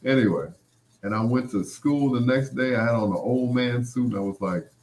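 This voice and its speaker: A middle-aged man, hosting a show and telling stories in an animated way, laughing often and full of "you know" asides. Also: mid-range voice, normal speed, a little hiss or hum. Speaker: podcast host. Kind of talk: storytelling monologue.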